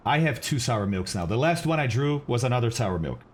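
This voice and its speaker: A man with a slightly husky, breathy voice talks loosely to viewers on a live stream, his pitch bouncing up and down as he chats. He thanks people by name, groans, and exclaims freely between casual remarks. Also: big pitch swings, fairly quick. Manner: chatty, thanks viewers and reacts aloud to chat; groaning and exclaiming over bad-tasting candy. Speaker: flight simulator streamer.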